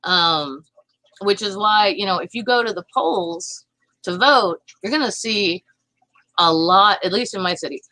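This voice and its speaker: Southern woman, live-stream host, heated fast chatter, bright voice, dry close sound. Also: medium pitch, expressive, no echo, low-quality recording. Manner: fast, heated, talks to chat viewers. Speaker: livestream host reading chat. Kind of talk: casual political livestream chat.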